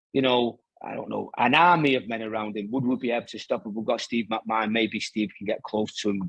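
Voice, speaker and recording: A man's voice: mid-range voice, breathy edge, dry recording. A man, a former professional footballer, telling rambling anecdotes in a casual interview, full of restarts and fillers.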